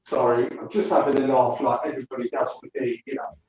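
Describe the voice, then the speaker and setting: A man's voice: mid-range voice, little pitch movement, quick pace, darkish tone. Tired, swearing older man. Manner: crude, swearing, laughing often. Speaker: livestream host. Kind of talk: rambling casual chat to viewers. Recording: echoey room, distant mic, faint noise.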